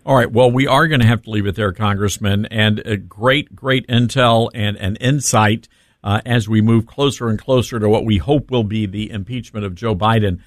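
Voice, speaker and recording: A man's voice: on the low side, steady tone, moderate pace, no echo, studio quality. A man hosting a talk radio show, speaking in a brash and blunt way.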